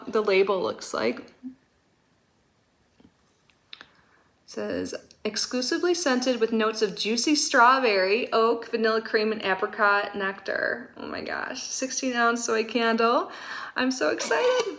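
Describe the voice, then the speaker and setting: A woman's voice: fairly high pitch, normal speed, slight background noise. Gushing, chatty woman unboxing. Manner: gushing, excitable, many fillers. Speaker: subscription box reviewer. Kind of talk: casual unboxing chat.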